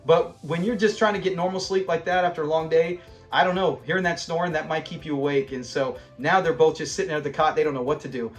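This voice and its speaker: Guy reviewing an old sitcom episode, high voice, retells scenes all excited, quotes the lines. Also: fast, faint music behind.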